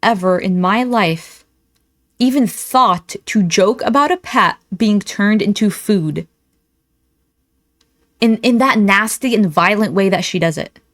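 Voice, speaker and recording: A woman's voice: mid-range voice, measured pace, long pauses, no echo. A woman giving an indignant, blunt reaction commentary.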